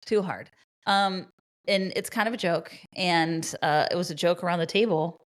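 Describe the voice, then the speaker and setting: A woman's voice: lowish voice, normal speed. A woman co-hosting a podcast, chatting casually and reflectively, often trailing off mid-sentence. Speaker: podcast co-host. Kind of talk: casual chat.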